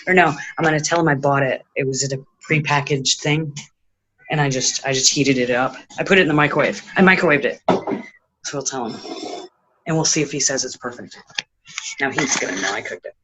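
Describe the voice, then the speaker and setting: A man's voice: medium pitch, quick pace, noisy background. A man chatting casually through a home cooking vlog, making joking asides and talking to his cat in his kitchen. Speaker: home cook vlogger.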